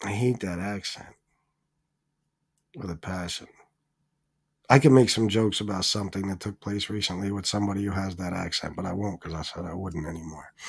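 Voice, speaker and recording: A man's voice: on the low side, vocal fry, a little mellow, husky. A man hosting a casual live stream, talking off the cuff with heavy swearing, many fillers and restarts, and reading viewer donations aloud. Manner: profane, rambling, lots of fillers and restarts; turns heated and emphatic when ranting.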